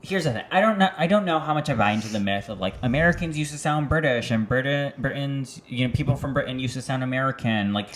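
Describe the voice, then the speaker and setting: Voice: medium pitch, animated, fast, few pauses. A podcast co-host in casual chat, rambling and searching for words with lots of fillers.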